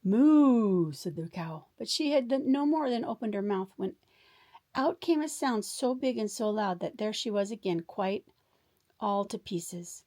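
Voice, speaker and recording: A woman reading a children's story aloud in a warm, expressive bedtime storytelling manner. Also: a little high, normal speed.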